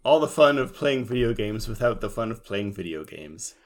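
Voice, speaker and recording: Male co-host, animated pitch, quick wry jokes in casual chat. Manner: wry, joking quips. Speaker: podcast co-host.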